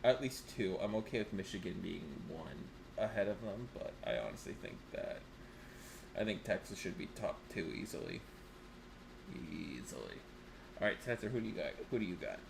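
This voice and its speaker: A man's voice: deep voice, lively intonation, fairly quick, vocal fry. A man hosting a casual chat and calling on each person in turn for their pick. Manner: leads the group, calls on each person. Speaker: host running the picks. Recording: noisy background.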